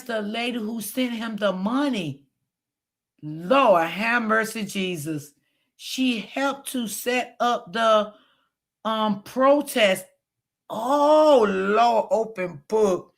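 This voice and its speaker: A woman's voice: medium pitch, drawn-out words, creaky, long pauses. A woman commentating on a live stream, blunt and profane, speaking straight to her viewers. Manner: blunt, profane, emphatic, talks straight to the audience. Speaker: online commentator.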